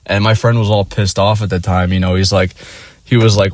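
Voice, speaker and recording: A man's voice: lowish voice, little pitch movement, fairly quick, dry recording, studio quality. A young man telling a casual, rambling story with lots of swearing and fillers. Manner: rambling, profane, many fillers. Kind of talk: casual rant.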